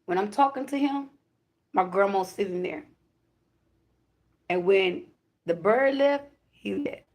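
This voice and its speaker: A woman with a gravelly, creaky edge speaks as a self-styled high priestess. She hammers her points home through repeated declarations and drops in casual profanity as she channels a spiritual message to her audience. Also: lively intonation, takes it slowly, darkish tone.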